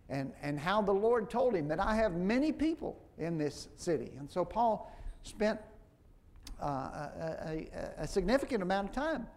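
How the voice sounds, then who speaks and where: Slow, halting male preacher. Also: sits high, a little mellow. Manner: slow and halting, with many restarts and fillers. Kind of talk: sermon.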